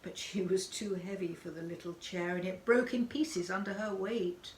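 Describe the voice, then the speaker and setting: A woman narrating a children's story in an expressive, sing-song manner. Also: on the low side, moderate pace, slight background noise. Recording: echoey room.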